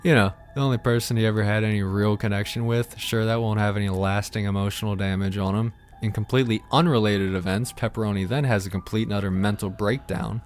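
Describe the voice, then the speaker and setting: A man's voice: on the low side, steady tone, fast talker, few pauses, faint music behind. A man hosting a comedic lore explainer, irreverent, profane and full of slang. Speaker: host of a lore-explainer channel.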